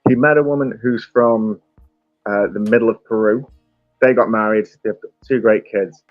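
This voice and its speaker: A man's voice: lowish voice, fairly even intonation, moderate pace, no room sound, soft background music. Staffordshire man, dry dull mic. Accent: Staffordshire English. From England. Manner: chatty, rambling, enjoys accents. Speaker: host. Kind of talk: casual chat.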